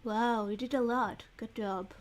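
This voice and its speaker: A woman voicing a low-energy, sarcastic young man who is a detective's partner, reading game dialogue aloud in a flat, dry way. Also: unhurried, faint music behind, close to an everyday voice.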